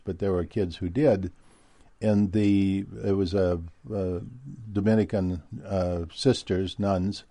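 A man's voice: sits low, mellow, no room sound. A man from Minnesota with a Midwestern American accent, talking in a rambling casual monologue with many fillers and restarts.

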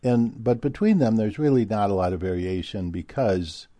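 A man's voice: lowish voice, lively intonation, normal speed, dark tone, no room sound. A man from Minnesota with a Midwestern American accent, talking in a rambling casual monologue with many fillers and restarts.

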